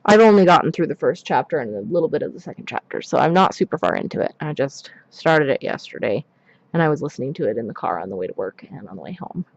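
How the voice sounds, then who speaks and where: A woman's voice: extremely low pitch, big pitch swings, fast talker, vocal fry, no echo. Woman, casual nail-art livestream chat, rambling, slightly muffled dry sound. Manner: chatty, rambling, many ums and asides. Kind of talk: casual live-stream chat while working.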